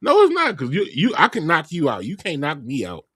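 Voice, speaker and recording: A man's voice: on the high side, very animated, fairly quick, bright, forceful tone, breathy edge, no echo. A man co-hosting a talk show in casual banter, teasing and laid-back. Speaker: show co-host.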